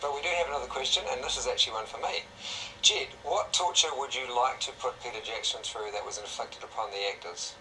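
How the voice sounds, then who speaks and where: A man's voice: medium pitch, quick pace, sharp tone. A man co-hosting a live stream, easygoing and reading out viewer questions. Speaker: co-host and actor. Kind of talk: casual live-stream chat. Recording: distant mic, faint noise.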